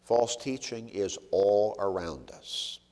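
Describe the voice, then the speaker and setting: A man preaching a sermon with emphatic delivery, rising and falling and slowing on key words. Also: on the low side, lively intonation, darkish tone. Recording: long reverb of a large hall.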